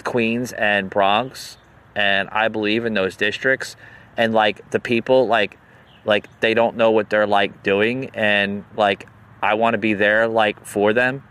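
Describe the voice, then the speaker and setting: A man's voice: fairly low pitch, steady tone, slow pace, a bit bright, clean tone. A man mimicking a young woman politician who gushes and stuffs "like" into every phrase. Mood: mocking. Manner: says "like" constantly, rambling. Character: young woman politician, gushing, filler-heavy.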